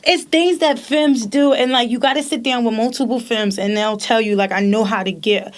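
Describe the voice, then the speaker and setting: A woman in her thirties co-hosting a podcast, telling stories in animated, profane casual chat and laughing often. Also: on the high side, moderate pace. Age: 30s. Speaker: podcast co-host.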